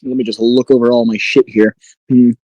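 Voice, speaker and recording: Measured male player, dry close sound. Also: medium pitch, flat delivery, no room sound, dull audio. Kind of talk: tabletop role-play.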